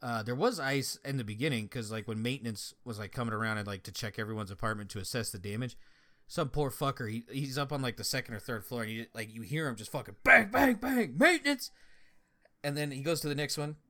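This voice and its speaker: A young man in casual chat, telling a story with lots of swearing and lively energy. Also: medium pitch, fast. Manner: profane, animated storytelling.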